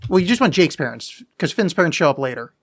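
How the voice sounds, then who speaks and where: A man's voice: a little high, very animated, quick pace, no echo, clean studio sound. A man with a New Jersey accent co-hosting a casual podcast, joking around and laughing often. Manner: jokey, laughs often, puts on voices. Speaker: podcast co-host. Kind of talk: casual chat.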